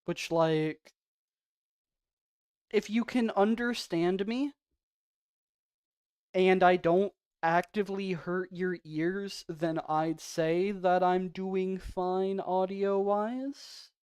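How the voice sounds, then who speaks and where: A man's voice: sits high, steady tone, very slow, clear, resonant tone, dry recording. A man streaming a game, chatting casually and rambling in a self-deprecating way. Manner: soft-spoken off stream. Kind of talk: casual livestream chat.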